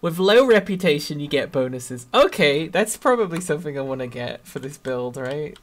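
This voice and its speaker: Northern English streamer, mid-pitched, chatty and meandering, toned-down accent. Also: expressive, moderate pace. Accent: Northern English, Sheffield area. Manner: rambling, chatty, laughs mid-sentence; trims own accent toward neutral. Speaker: game streamer reading chat. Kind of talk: casual live-stream chat.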